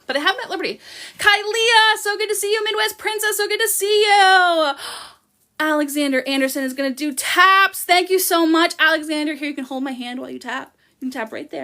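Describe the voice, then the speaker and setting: Bubbly high-voiced woman in her thirties. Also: bright, forceful tone. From Canada. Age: 30s. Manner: bubbly, gushing, thanks viewers by name. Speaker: livestream host. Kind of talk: casual livestream chat with viewers.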